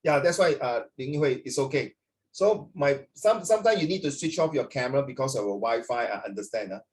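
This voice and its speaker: A male tutor teaches an online class over a video call, rambling animatedly and using plenty of fillers. His voice is medium-pitched and fairly quick.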